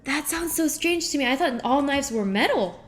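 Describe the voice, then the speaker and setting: A woman with a high, animated voice talks at normal speed while cooking on a livestream in her home kitchen. She reads viewer messages aloud, answers them and trades puns playfully with the chat.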